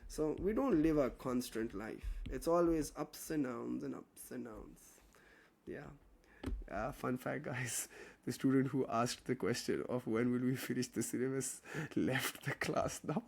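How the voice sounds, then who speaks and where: A young male tutor talks to his online class in a loose, chatty way. He jokes with the students, reads their questions aloud and answers them. His pitch sits in an ordinary middle range for a man. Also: a little slow, creaky, darkish tone. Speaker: chemistry tutor.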